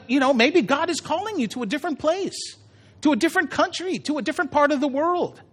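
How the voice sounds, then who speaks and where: A man with a high-pitched voice preaches a sermon to his congregation. He talks in an animated, conversational way, dropping soft and then pushing hard for emphasis. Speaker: pastor. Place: church.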